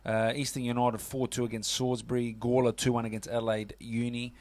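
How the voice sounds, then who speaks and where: Chatty Aussie sports radio host. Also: male voice, medium pitch, flat delivery, a little fast, a little mellow. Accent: Australian. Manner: chatty, lots of fillers and "mate". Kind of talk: casual sports chat on community radio.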